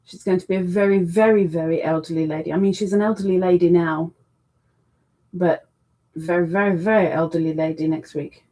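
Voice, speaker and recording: A woman's voice: fairly low pitch, fairly even intonation, a little fast, warm tone. A woman hosting a casual crochet live stream, chatting with viewers, reading their messages aloud and cooing to her cat. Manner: coos affectionately to her cat between greetings.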